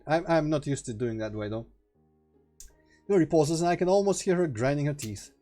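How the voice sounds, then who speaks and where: A man's voice: on the high side, expressive, fairly quick, dark tone, soft background music. A young man streaming a visual novel, reading the narration aloud and muttering casual asides.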